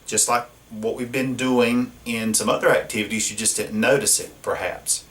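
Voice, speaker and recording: A man's voice: mid-range voice, fairly even intonation, normal speed, a bit bright. A man teaching a grammar lesson at a whiteboard, explaining patiently and asking his students questions. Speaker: Spanish teacher. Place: classroom. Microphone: camera across the room. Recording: echoey room from a distance.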